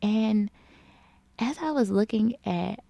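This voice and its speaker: A woman's voice: mid-range voice, lively intonation, slow, gravelly, warm tone, no echo. A woman in a casual reflective vlog chat, rambling with lots of filler words. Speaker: vlogger.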